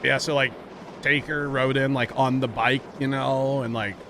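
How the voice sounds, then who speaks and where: A man in his thirties, a streamer chatting casually and telling rambling, animated stories full of fillers. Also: medium pitch, moderate pace. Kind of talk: casual chat while streaming a game. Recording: background noise.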